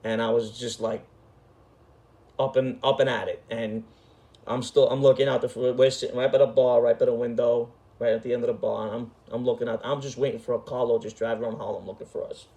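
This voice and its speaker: A man's voice: mid-range voice, flat delivery, fairly quick, dark tone. A middle-aged man, telling a story in an emphatic, profane, street-talking way. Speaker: storyteller host. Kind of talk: casual storytelling.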